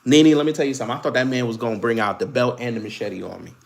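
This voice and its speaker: Sarcastic, animated young man commentator. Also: mid-range voice, racing, vocal fry. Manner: animated, sarcastic, laughs often. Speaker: political commentary host. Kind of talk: casual livestream commentary.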